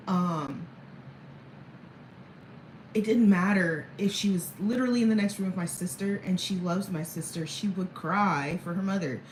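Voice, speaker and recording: A woman in her thirties talks to her viewers in a rambling, candid way and chuckles between thoughts. Her voice sits a little low for a woman. It rings in an echoey room over faint background ambience. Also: darkish tone, a little hiss or hum. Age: 30s. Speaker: vlogger. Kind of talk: casual personal talk to camera.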